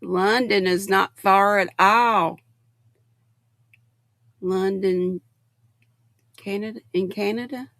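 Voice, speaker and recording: A woman's voice: mid-range voice, steady tone, slow, pauses often, a bit bright, dry recording. A woman in her sixties hosting a casual livestream, chatting affectionately and reading viewer comments aloud. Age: 60s. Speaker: livestream host.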